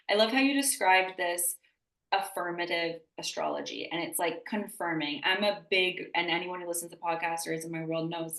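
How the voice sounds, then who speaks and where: A woman's voice: fairly low pitch, a bit bright. A woman hosting a podcast in casual conversation, talking enthusiastically and emphatically, with lots of "like" fillers. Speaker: podcast host. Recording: echoey room, distant mic.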